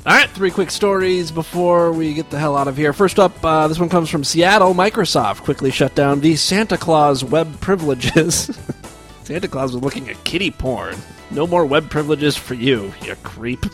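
A man's voice: fairly high pitch, normal speed, a bit bright, faint music behind. A man hosting a crude, mocking comedy news show. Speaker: host.

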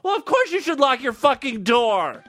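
A man's voice: very high-pitched, very animated, moderate pace, bright, forceful tone, no echo, faint music behind. A man hosting a comedy show, reading news stories aloud and breaking in with crude, sarcastic asides. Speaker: podcast host.

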